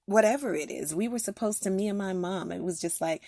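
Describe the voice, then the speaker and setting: A woman's voice: medium pitch, fairly quick, vocal fry, mellow, no room sound, studio quality. A middle-aged woman hosting a faith podcast, speaking candidly and personally in a casual monologue with frequent fillers. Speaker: podcast host giving encouragement.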